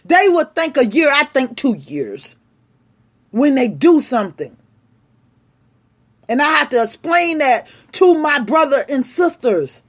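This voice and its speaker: A woman delivering an impassioned, angry rant straight to her audience, speaking forcefully. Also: high voice, sing-song, unhurried, pauses often. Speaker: vlogger. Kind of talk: impassioned direct-to-camera rant.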